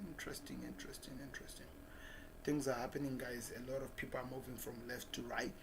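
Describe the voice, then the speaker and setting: A man reads transfer headlines aloud in a casual chat, stumbling over names and muttering asides to himself. His voice sits at an ordinary pitch for a man. A faint hiss runs under the recording. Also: flat delivery, fast, gravelly. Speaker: football channel host.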